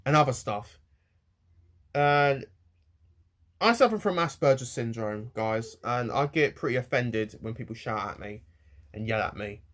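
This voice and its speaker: A man's voice: mid-range voice, animated, fairly bright tone. Rambling young man ranting. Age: young adult. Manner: rambling, halting, swears freely. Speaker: vlogger. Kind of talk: casual rant to camera.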